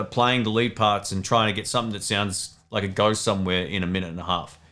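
A man hosting a casual live Q&A, chatting loosely and reading viewer comments aloud. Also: lowish voice. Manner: relaxed, rambling, reads chat comments aloud. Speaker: livestream host answering viewer questions. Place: home studio.

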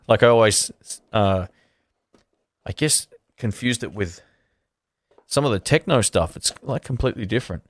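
A man's voice: on the low side, expressive, moderate pace, pauses often, dry recording. A man hosting a guitar channel, chatting casually on a livestream and answering viewers, rambling and restarting his sentences in an easygoing way.

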